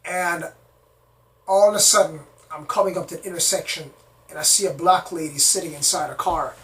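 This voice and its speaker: A man's voice: fairly high pitch, steady tone, fairly quick, fairly bright tone. A man hosting his own channel, telling a story in the first person in a rambling, repetitive way. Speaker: channel host. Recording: distant mic, faint background noise.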